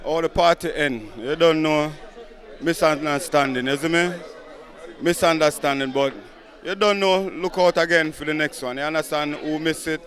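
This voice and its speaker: A man's voice: on the high side, moderate pace, fairly bright tone. A man with a Jamaican accent, a party organizer, speaking earnestly to the crowd.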